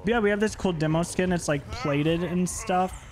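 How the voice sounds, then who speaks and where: A man's voice: high voice, moderate pace. A man streaming a game from his home office, chatting casually and rambling with playful asides. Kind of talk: casual gaming stream chat.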